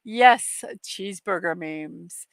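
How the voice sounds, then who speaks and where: A woman's voice: lowish voice, slow, creaky, no room sound. A middle-aged woman hosting a daily morning show, chatting casually with many fillers and reading viewer comments aloud. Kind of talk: casual live-stream chat.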